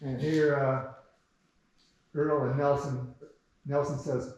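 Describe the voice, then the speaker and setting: A man's voice: mid-range voice, little pitch movement, takes it slowly, pauses often, darkish tone. A man giving a lecture, reading his comic strips aloud in a chuckling, conversational way. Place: museum lecture room. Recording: very echoey room heard from far off.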